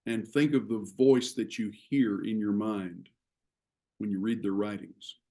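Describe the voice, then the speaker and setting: A man teaching a class on writing, explaining ideas in a measured way with frequent pauses. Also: on the low side, fairly even intonation, dark tone. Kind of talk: classroom lecture.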